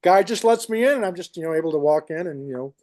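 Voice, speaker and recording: A man's voice: a little high, animated, fast, a little mellow, no echo. A man with a New York accent co-hosting a podcast, telling long rambling stories in casual chat with many restarts. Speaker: podcast co-host.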